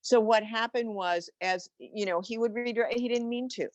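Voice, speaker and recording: A woman's voice: on the high side, moderate pace, darkish tone, no room sound, highs cut off. A woman explaining flower essences for animals in a casual podcast, enthusiastic and rambling, often exclaiming as she goes.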